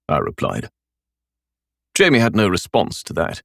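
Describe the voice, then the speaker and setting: A male audiobook narrator reading in the first person with a low voice. His delivery is calm and measured, with lively pitch movement. The recording is close and dry. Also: gravelly, no room sound.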